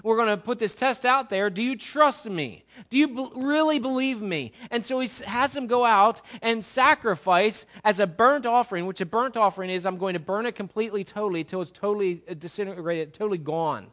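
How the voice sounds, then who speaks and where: A man delivers a sermon in a high, bright voice. He retells the story dramatically, playing its people and dropping from loud declarations to hushed asides. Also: fairly quick, few pauses. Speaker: preacher.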